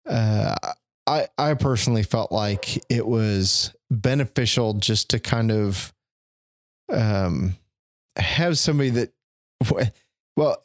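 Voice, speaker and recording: A middle-aged man with a lowish voice appears as a guest on a podcast, recorded dry at studio quality. In this casual conversational interview he talks reflectively and thoroughly, with a self-deprecating streak.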